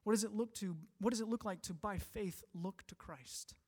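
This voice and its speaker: A male pastor delivering a sermon, reading scripture and then speaking earnestly, rising to emphatic peaks and falling to soft, quiet passages. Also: high-pitched, moderate pace, husky. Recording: long hall reverb.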